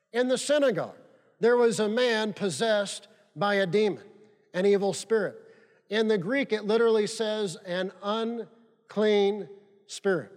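A man with a notably high voice delivers a sermon from the pulpit. He drives his points home with emphatic repetition. His words trail off into the long reverb of a big sanctuary. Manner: emphatic, repeats key phrases for stress. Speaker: pastor. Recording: long reverb of a large hall.

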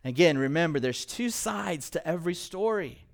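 A male pastor preaching a sermon to a congregation, animated and quizzing the listeners with questions. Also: a little high, moderate pace, creaky. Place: church, in front of a congregation.

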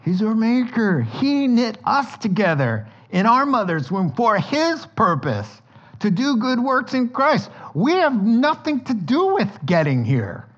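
A man preaching a sermon as pastor, telling stories with lively energy and acting out sounds and dialogue. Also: extremely high pitch, measured pace, muffled recording.

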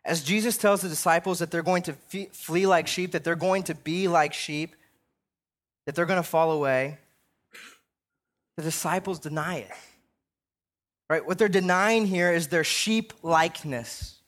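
A man's voice: fairly high pitch, measured pace, pauses often, a bit bright. Conversational man preaching a sermon. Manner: conversational preaching, frequent "right?" tags. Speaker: pastor.

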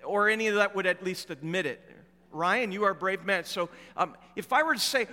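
A middle-aged man preaching a sermon as a pastor, telling stories in a relaxed, conversational way with fillers. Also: sits high, moderate pace. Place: church. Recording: echoey church hall with long reverb.

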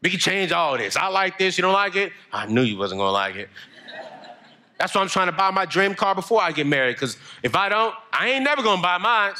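A young man, preaching a motivational sermon, telling stories and building to shouted emphasis. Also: sits high, sing-song, a little fast.

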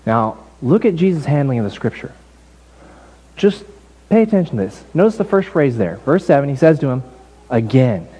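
A man preaching a sermon as pastor in a relaxed, conversational way, telling the story with lively asides. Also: mid-range voice, moderate pace, husky, rough recording. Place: church building.

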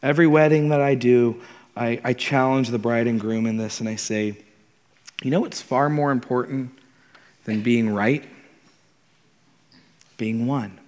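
A man's voice: mid-range voice, unhurried, long pauses, darkish tone. A man in his thirties preaching from the platform of a church, earnest and conversational, his mid-range voice trailing off into a long reverb. He tells his points plainly and keeps circling back with repeated words as he gathers each thought. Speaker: pastor. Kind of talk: sermon. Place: church sanctuary.

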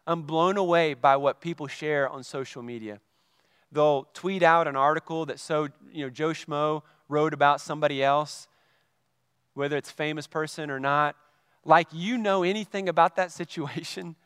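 A middle-aged male pastor preaching a sermon, telling a story and acting out his own reactions with lively energy. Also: on the high side, smooth, no room sound, studio quality, long reverb tail.

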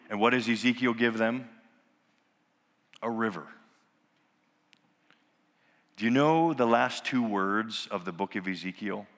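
Ein Mann predigt mit heller, kraftvoller Stimme in einer Kirche mit langem Nachhall, mal laut ausrufend, mal fast flüsternd. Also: male voice, mid-range voice. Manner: dramatic, swinging from loud exclamations to hushed near-whispers. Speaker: pastor. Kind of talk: sermon. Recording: long hall reverb.

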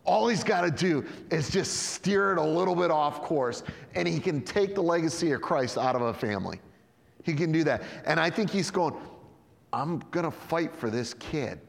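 A man's voice: on the high side, lively intonation, moderate pace, creaky, big-room sound. A man preaching a sermon in a conversational way, acting out the Bible scenes in quoted voices. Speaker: pastor.

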